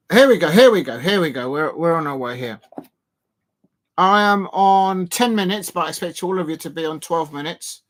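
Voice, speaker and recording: A man's voice: on the high side, a bit bright. A man casually chatting and commenting on a football match during a live watch-along stream, rambling with lots of fillers and restarts, sitting close to his desk microphone. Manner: rambling, self-deprecating, many fillers and restarts.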